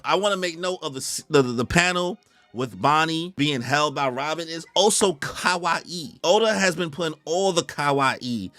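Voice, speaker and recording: A man hosting casual reaction commentary, excitable and slangy, who often acts out character voices. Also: fairly high pitch, normal speed, no echo, soft background music. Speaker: host.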